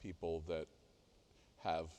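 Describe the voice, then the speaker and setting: A middle-aged man coaching a singer in a masterclass, talking haltingly with many fillers and sung demonstrations. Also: extremely low pitch, little pitch movement, warm tone, slight background noise. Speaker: vocal coach leading a masterclass. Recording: reverberant hall.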